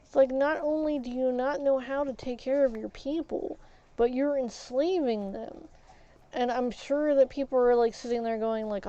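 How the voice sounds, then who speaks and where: A woman's voice: high-pitched, normal speed, mellow, muffled recording. A woman streamer venting while playing a game, emphatic and frustrated, often repeating words.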